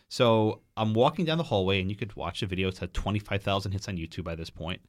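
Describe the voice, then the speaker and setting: Animated man telling a story, lively pitch. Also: fast talker. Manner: animated, quotes people in changing voices. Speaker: podcast guest. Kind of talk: storytelling in a podcast interview. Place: podcast studio.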